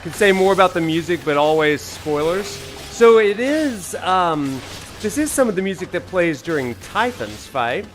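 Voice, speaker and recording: A man's voice: high-pitched, big pitch swings, measured pace. A man with a Southern US drawl hosting a live gameplay stream, greeting chat viewers with enthusiasm. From Alabama, USA. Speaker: streamer and professor. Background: faint game music.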